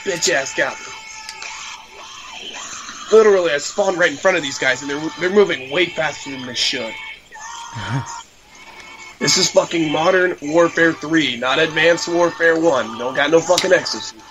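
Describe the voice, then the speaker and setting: A man's voice: on the high side, normal speed, background noise. A young man hosting a casual gaming podcast, swearing and ranting with frustration as he plays. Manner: profane, ranting and frustrated, trash-talking. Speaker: podcast host. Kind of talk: casual gaming chat while playing. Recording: music playing behind the voice.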